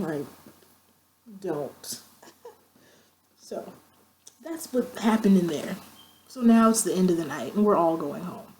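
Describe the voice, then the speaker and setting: A woman's voice: slow pace, pauses often, poor audio. A woman telling a long, profane story in a casual vlog, acting out quoted friends with her voice. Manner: animated, profane, acts out quoted friends with pitch jumps. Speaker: vlogger.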